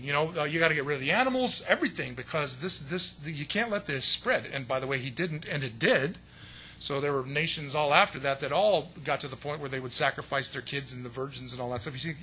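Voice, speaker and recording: A man's voice: a little high, sharp tone, breathy edge. A middle-aged man from San Diego preaching a sermon in a casual, joking way, acting out the people he quotes. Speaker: pastor.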